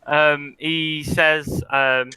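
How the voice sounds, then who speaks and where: A male tabletop player chatting and joking at the table. His voice is fairly high and bright. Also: level tone, drawn-out words, a little hiss or hum, poor audio. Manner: joking, self-conscious. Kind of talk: casual tabletop play.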